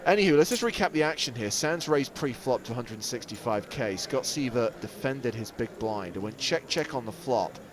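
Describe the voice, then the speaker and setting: A man's voice: mid-range voice, animated, normal speed, few pauses, noisy background. A man giving wry, precise play-by-play as a poker commentator on a live broadcast.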